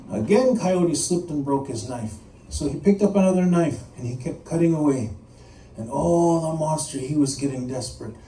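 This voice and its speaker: A man telling a traditional animal tale in an animated, playful way to a live audience. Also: fairly high pitch, normal speed. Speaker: storyteller. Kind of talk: live oral storytelling. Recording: echoey room, mic at a distance.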